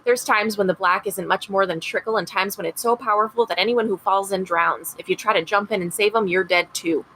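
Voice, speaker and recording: A woman co-hosting a podcast reads aloud in a wistful mood as a working-class mother from upstate New York, imitating a Rochester accent. Her medium-pitched voice is brisk, pushed, and bright, and the poor audio carries a little hiss or hum.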